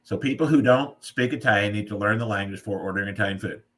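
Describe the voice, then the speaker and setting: A man's voice: lowish voice, fast. A man hosting a casual live video chat who playfully explains food words like a teacher. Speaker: host. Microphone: video call.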